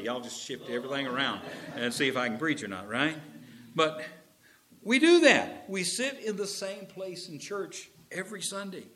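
A man preaching a sermon as pastor, animated, with folksy asides to the congregation. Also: high-pitched.

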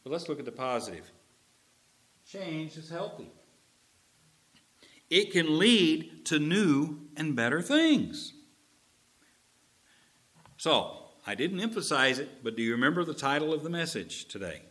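A man preaching a sermon as pastor, animated, with folksy asides to the congregation. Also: fairly high pitch, measured pace, long pauses.

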